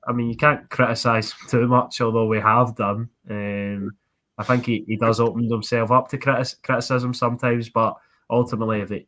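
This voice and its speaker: A man's voice: fairly low pitch, fairly bright tone. A man on a football podcast, chatting and giving match updates, hesitant with many ums. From Scotland. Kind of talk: casual football chat.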